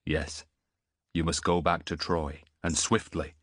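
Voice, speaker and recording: A man voicing a calm, fatherly warrior who speaks in a steady, low, reassuring way in an audiobook. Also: a little slow, no echo, clean studio sound, heavily acted. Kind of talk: audiobook character voice.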